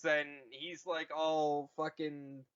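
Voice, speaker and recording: A man's voice: a little high, flat delivery, slow pace, a bit bright, clean tone, highs cut off. An out-of-breath man on a podcast, rambling through a movie recap with lots of swearing and laughter. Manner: profane, giddy, lots of laughing. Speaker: podcast co-host retelling a movie. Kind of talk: rambling comedic recap with funny voices.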